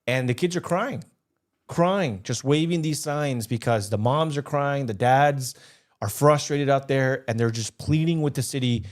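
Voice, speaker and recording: A young man from the Los Angeles area co-hosts a casual podcast. He talks in an impassioned way, often doubling up his words as he goes. His voice sits at an ordinary middle pitch for a man. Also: a little slow. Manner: emotional, repeats words when worked up. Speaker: podcast co-host. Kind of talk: casual podcast chat, storytelling.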